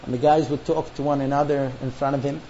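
A man of medium pitch talks fast while teaching a class on marriage, animatedly telling stories and acting out the voices of husbands and wives. The recording is dull and lo-fi, with faint ambience and a little hiss or hum.

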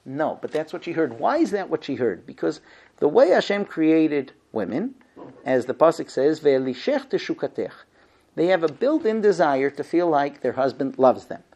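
Male rabbi, lively lecturer, acts out scenes, keeps asking "right?". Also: on the high side, moderate pace. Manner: animated, acts out dialogues, rhetorical questions.

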